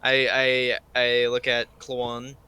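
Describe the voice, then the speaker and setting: A man's voice: medium pitch, monotone, slow pace, pushed and bright, clean tone. A man playing a tabletop game, joking crudely and stammering as he talks in and out of character. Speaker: player. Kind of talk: casual tabletop role-play.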